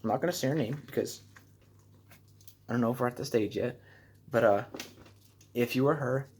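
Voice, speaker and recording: A man's voice: moderate pace, a little mellow, slightly rough. A teenage boy from the United States telling a travel story in a casual vlog. He rambles, fills his talk with "like" and pokes fun at himself. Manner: rambling, self-deprecating, heavy use of "like"; acts out his own reactions in a higher voice. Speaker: vlogger.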